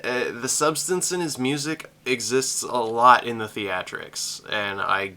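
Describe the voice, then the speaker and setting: A man's voice: mid-range voice, measured pace, pushed and bright. A man streaming a reaction to a music video, chatting casually, laughing often and rambling with restarts.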